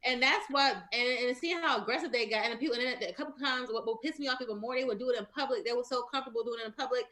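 A woman's voice: a little high, rapid-fire. A woman with an African American English accent telling stories in a casual group discussion and acting out the exchanges she describes. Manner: animated storyteller, acting out exchanges.

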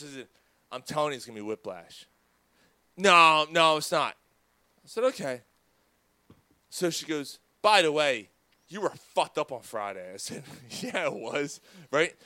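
Guy rambling through a concert story, cussing a lot, kinda high voice, dry studio sound. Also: sing-song, measured pace, long pauses, pushed and bright, no echo. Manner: profane, rambling, acts out quoted dialogue. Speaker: podcast co-host. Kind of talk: casual storytelling chat.

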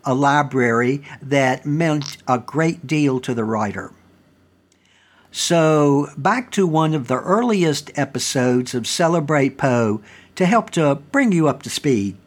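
Hosting his own show, a man tells a first-person story in an earnest, conversational way. His voice sits fairly high, and he is a storytelling host who also does historical reenactment.

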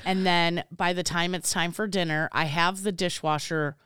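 Smooth, low-pitched chatty woman. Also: normal speed, no echo, studio quality. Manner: relaxed, chatty, swears casually. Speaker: podcast co-host. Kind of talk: casual chat.

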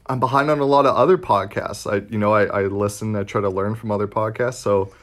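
A man's voice: fairly low pitch, steady tone, fairly quick. A man co-hosting a parody business podcast, laid-back and rambling. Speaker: co-host.

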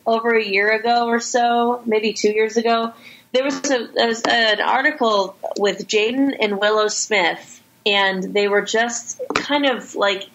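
A woman hosting a casual podcast chat, talking loosely with quick asides and frequent swearing. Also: on the high side, steady tone, fairly bright tone, lo-fi sound, slight background noise.

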